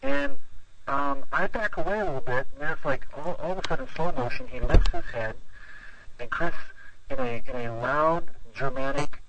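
A man's voice: fairly high pitch, animated, normal speed, noisy background. A man who is a pastor, telling a long story in an interview, rambling with lots of "you know" fillers. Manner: rambling, full of 'you know' fillers.

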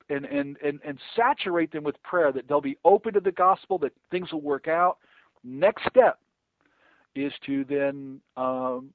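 A man's voice: on the high side, no echo. A middle-aged man talking earnestly about evangelism, repeating words often and acting out conversations he has had. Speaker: evangelist guest. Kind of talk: casual interview talk about evangelism. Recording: tinny phone-line sound, dry.

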